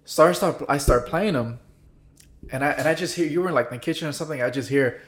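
A man telling stories in a casual chat, animated and profane, acting out quoted voices. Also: mid-range voice, quick pace. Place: San Diego.

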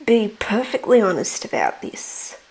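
A woman's voice: medium pitch, big pitch swings, measured pace, a little mellow, husky, low-quality recording. A woman asking a listener question in a hesitant, giggly way.

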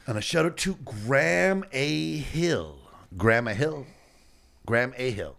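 A man co-hosting a casual podcast, upbeat and laughing as he reads out shout-outs. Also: mid-range voice, sing-song, measured pace, creaky. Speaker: podcast co-host.

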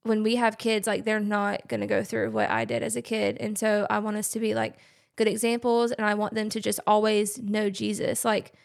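A woman's voice: mid-range voice, flat delivery, normal speed, vocal fry, hardly any pauses. A young woman, a podcast guest talking earnestly in a casual conversation. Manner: earnest, many "like" fillers.

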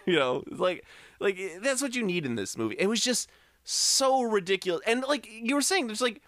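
A man ranting in an animated, laughing way during a casual chat. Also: high-pitched, normal speed, no echo, studio quality.

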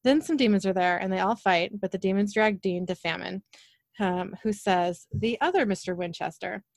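A woman's voice: mid-range voice, normal speed, dry recording. Woman recapping an episode, dry sound. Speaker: podcast co-host.

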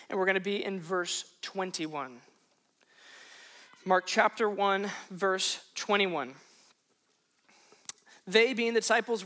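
A man preaching a sermon to a congregation, conversational and animated, breaking into emphatic punchlines. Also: high voice. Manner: conversational, self-questioning asides. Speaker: pastor.

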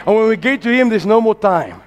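A man preaching with a very high voice, fervent and exhorting, rising to shouts as he drives his sermon forward. He calls out lines for the congregation to echo back. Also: expressive, a little fast, dull audio. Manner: calls on the congregation to repeat after him.

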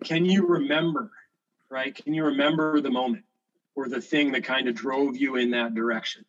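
Male guest, a vicar, mid-pitched voice, reflective, over muffled lo-fi audio. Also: fairly even intonation, moderate pace. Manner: thoughtful, reflective, many fillers. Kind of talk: casual chat.

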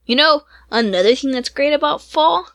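A woman's voice: high voice, animated, normal speed, fairly bright tone. A woman in her thirties co-hosting a podcast, telling stories in casual chat and laughing easily. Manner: chatty storyteller, laughs easily. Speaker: podcast co-host.

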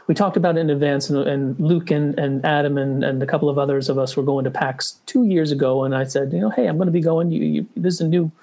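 A man's voice: fairly high pitch, steady tone, fast talker, gravelly, hardly any pauses, dark tone. A man co-hosting a casual board game podcast, talking with many fillers and restarts. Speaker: podcast co-host. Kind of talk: casual chat.

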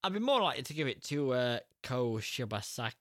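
A man's voice: medium pitch, big pitch swings, fast, a bit bright, no room sound, clean studio sound. A man co-hosting a casual film review podcast, laid-back and often laughing. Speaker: podcast co-host.

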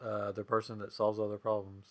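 A man's voice: fairly low pitch, completely flat delivery, fairly quick. A man hosting a casual podcast, asking easygoing questions as he chats. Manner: asks many questions, easygoing. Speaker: podcast host. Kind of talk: casual chat.

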